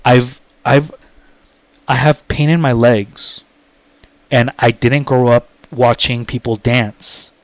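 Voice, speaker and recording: Man, casual story time vlog, cursing freely, middle pitch, dry close sound. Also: fairly even intonation, no echo. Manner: blunt and profane, slow and rambling. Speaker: vlogger.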